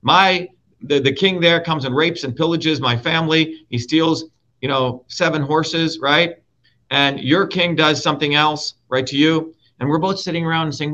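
A man from India, serving as show host and guest speaker, launches into a heated political rant, swearing freely and hammering points by repeating key words. His bright, forceful voice sits a little high for a man at a moderate pace, and the audio is somewhat dull and lo-fi.

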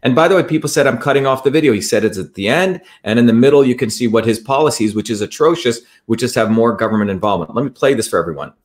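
A man's voice: medium pitch, expressive, quick pace, hardly any pauses. This is a man speaking to his audience as he walks them through pages on screen. He is emphatic and accusatory, stumbling and restarting as he presses his points. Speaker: presenter. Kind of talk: heated talk to an online audience with screen-share.

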